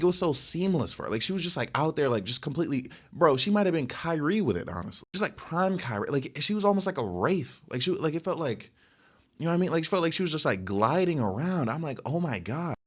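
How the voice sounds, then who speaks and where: A young man telling a casual, rambling story in slangy storytime style. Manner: rambling slangy storytelling, animated swings in pitch. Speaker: content creator.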